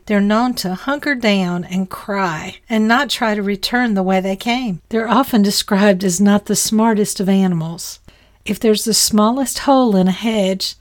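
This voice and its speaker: An earnest woman leading a devotional Bible teaching at a steady, mid-range pitch. She talks in plain terms and drops in folksy asides between points.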